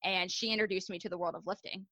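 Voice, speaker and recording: Bright, candid young woman chatting. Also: mid-range voice, steady tone, fast talker, dry recording. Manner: chatty and candid, lots of ums and likes. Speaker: guest, fitness coach. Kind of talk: casual podcast interview.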